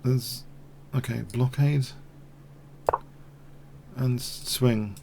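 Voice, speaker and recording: A man thinking aloud in a halting way as he commentates his own online chess game. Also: medium pitch, steady tone, gravelly, noisy background. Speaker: chess streamer.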